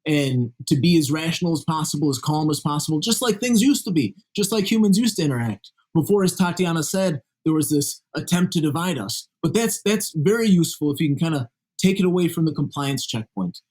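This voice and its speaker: A man's voice: on the high side, animated, brisk, hardly any pauses, darkish tone. A man being interviewed as a guest author, explaining his views in an earnest, conversational way.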